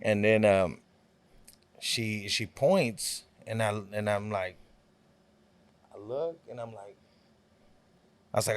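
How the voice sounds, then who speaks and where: A man's voice: on the low side, slow, pauses often, no room sound. A man guesting on a podcast, telling a long story in a laid-back, rambling way, full of fillers and quoted back-and-forth. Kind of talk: casual storytelling.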